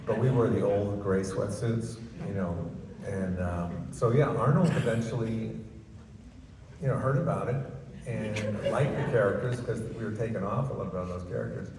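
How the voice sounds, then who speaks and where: Older man, comedian storytelling, lowish voice, echoey hall, far from mic, background noise. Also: normal speed. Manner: chatty, self-amused, often laughing. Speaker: guest comedian. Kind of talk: storytelling on stage. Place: large ballroom at a book festival.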